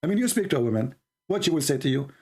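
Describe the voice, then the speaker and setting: A middle-aged man from the Middle East, hosting a live stream with a sarcastic, teasing monologue and drawn-out exclamations. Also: fairly high pitch, big pitch swings, a little mellow, husky.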